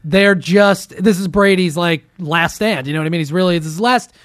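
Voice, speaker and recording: A man's voice: sits high, moderate pace, fairly bright tone, no room sound, studio quality. A man hosting a podcast in casual chat, steering the topics and swearing now and then. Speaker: podcast host.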